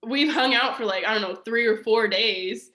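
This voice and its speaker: A woman's voice: a little high, normal speed, bright, forceful tone. A young woman telling a personal story as a podcast guest, chatty and casual, full of "like" and fillers. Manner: chatty, filler-heavy with frequent "like" and laughs.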